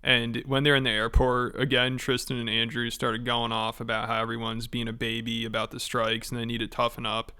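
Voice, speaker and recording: A man narrates commentary with dry sarcasm and mockery. His voice is crisp and bright, held in a fairly flat, even pitch. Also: brisk, few pauses. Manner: sarcastic, mocking. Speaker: commentary host. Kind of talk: scripted commentary.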